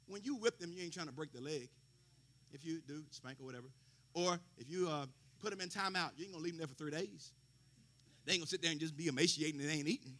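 A man's voice: fairly high pitch, sharp tone. A man preaching a sermon, quoting scripture with folksy asides and rising fervor. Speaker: pastor.

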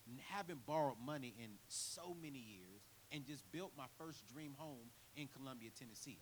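A man preaching a sermon in church, telling his own story with big swings from quiet to near shouting. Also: medium pitch, slight background noise, low-quality recording. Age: 30s. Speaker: guest preacher. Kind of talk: sermon with personal testimony.

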